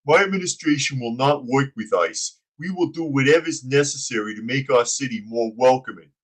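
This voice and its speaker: This is a bumbling, dim-witted tough guy with a thick accent and broken grammar, as a man puts him on to mock someone. The voice sits well above the man's usual pitch and sounds goofy and caricatured. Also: expressive, fairly quick, lightly acted. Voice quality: bumbling broken grammar with "bada bing" catchphrase. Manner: mocking caricature.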